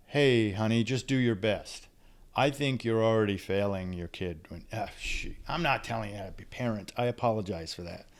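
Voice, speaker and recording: A man's voice: fairly low pitch, darkish tone. An older man, a lawyer, giving blunt advice in a rambling casual monologue with false starts. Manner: rambling, blunt, with restarts and sighs.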